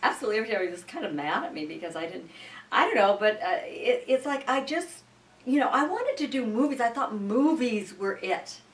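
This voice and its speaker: An older woman from Iowa, an actress, telling rambling, halting stories in an interview, often restarting her sentences. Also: on the high side, expressive. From Sioux City, Iowa, US. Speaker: guest, actress. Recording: roomy, distant mic.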